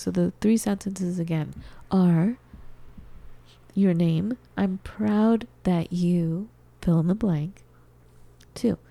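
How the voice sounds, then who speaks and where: A middle-aged woman speaks earnestly and with open emotion into a studio mic, drifting into soft whispers and small laughs. Her voice is very dark and mellow, sitting somewhat low for a woman. The sound is close and dry. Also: vocal fry, no echo. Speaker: podcast co-host. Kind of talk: casual podcast talk, demonstrating an exercise. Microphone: studio microphone.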